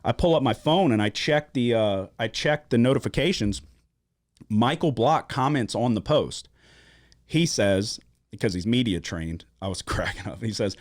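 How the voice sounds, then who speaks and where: A man from Louisiana hosting a sports-betting podcast, telling a story in casual chat with a lot of swearing and animated emphasis. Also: mid-range voice, normal speed, no echo. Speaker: podcast host. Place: studio.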